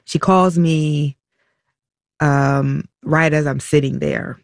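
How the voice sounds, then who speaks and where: A woman being interviewed, telling a personal story about her child in a halting, emotional way, full of restarts and fillers. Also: low voice, fairly even intonation, dry recording, clean studio sound. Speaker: interview guest, mother.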